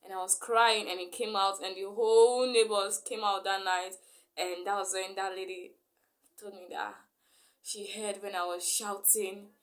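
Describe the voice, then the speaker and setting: A woman's voice: medium pitch, level tone, a little slow. A young woman, recounting a story in a rambling vlog style full of fillers. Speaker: vlogger.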